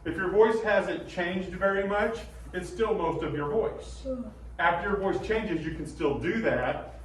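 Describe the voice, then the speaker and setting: A man with a bass-baritone voice teaching a middle school choir class, animated and demonstrative, often checking that the students follow. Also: a little hiss or hum. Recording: echoey room, voice from far off.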